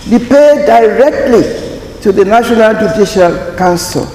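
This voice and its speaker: A man giving a formal prepared speech at a conference, slow and deliberate, stressing key words. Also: high-pitched, expressive, mellow, a little hiss or hum. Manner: slow, deliberate, emphatic delivery. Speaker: conference speaker. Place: large conference hall. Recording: echoey hall, faint ambience.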